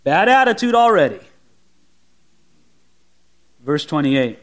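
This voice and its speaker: A man's voice: fairly high pitch, sing-song, takes it slowly. A man preaching a Bible sermon as a pastor, often putting rhetorical questions to his listeners.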